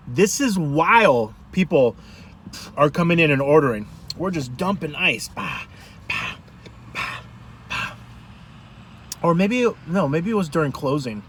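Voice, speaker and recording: A man's voice: on the high side, a little hiss or hum. Rambling man telling a story in a car. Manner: rambling, animated, self-interrupting. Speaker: food vlogger. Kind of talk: casual storytelling to camera.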